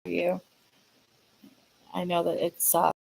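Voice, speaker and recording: A woman hosting her own fan channel, chatting casually and sadly to viewers, halting and repeating herself with many fillers. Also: fairly low pitch, completely flat delivery, vocal fry, a little mellow, rough recording. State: sad, grieving. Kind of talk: casual livestream chat to viewers.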